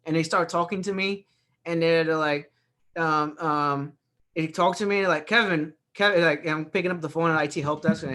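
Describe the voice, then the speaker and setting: A man's voice: fairly high pitch, steady tone, moderate pace, bright, forceful tone. A man with a Brooklyn-sounding accent, hosting a casual group chat and teasing his co-hosts. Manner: joking, teasing. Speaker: host.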